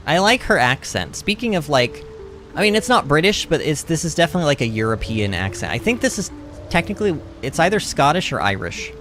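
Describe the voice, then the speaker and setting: A man's voice: on the high side, sing-song, a little fast, fairly bright tone, soft background music. A man casually chatting as he streams a game, reading chat aloud and laughing often. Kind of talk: casual gaming commentary.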